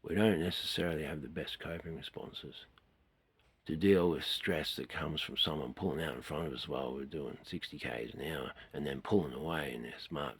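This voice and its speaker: Gravelly Australian man, rambling earnestly. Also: rumbling low, fairly bright tone. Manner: earnest, rambling, trails off and swells suddenly. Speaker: host. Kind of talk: rambling spoken talk.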